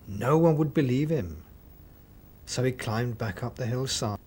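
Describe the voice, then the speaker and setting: A man narrating a children's story expressively, with dramatic pauses. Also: medium pitch, expressive, darkish tone, husky.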